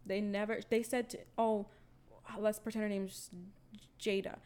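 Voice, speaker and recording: A young woman tells a story in casual chat, swearing freely and acting out the quotes with animated energy. Her voice is medium-pitched with a clean tone, and she speaks a little slowly.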